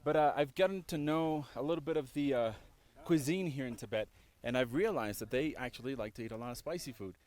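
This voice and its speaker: A young man talks casually outdoors beside a high lake. His voice sits at a middle pitch, and he speaks haltingly, restarting and correcting himself. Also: a little mellow. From Mexico. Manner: halting, self-correcting, apologetic. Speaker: host cooking for locals. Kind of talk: casual on-location talk.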